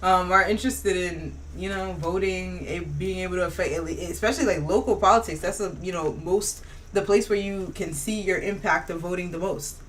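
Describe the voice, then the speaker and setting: A woman's voice: fairly low pitch, steady tone, fairly quick. A young woman co-hosting a podcast in casual chat, rambling with many fillers and restarts. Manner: rambling, hesitant, laughing. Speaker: podcast co-host. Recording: distant mic, faint noise.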